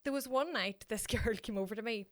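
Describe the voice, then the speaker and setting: A woman's voice: a little high, brisk. A woman, co-hosting a podcast, telling a story with lots of energy and swearing freely. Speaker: podcast co-host. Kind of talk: casual chat, storytelling.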